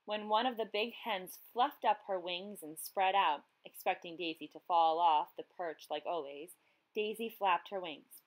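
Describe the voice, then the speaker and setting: Woman teacher reading a picture book aloud; gentle, expressive, talks to young readers. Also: lowish voice, a little slow, low-quality recording. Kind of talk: children's story read-aloud.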